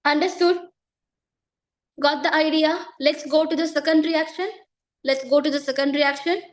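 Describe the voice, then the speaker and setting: A woman teaching a chemistry lesson, repeating herself and often checking understanding, losing her voice and clearing her throat. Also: high voice, fairly even intonation, normal speed. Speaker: chemistry tutor. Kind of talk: online class teaching.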